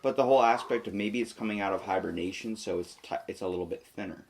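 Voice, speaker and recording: A man with a very low voice chats on a casual podcast. He reads out facts, then riffs on them with loose, joking asides and frequent fillers. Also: fast, gravelly, a little hiss or hum. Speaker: podcast co-host.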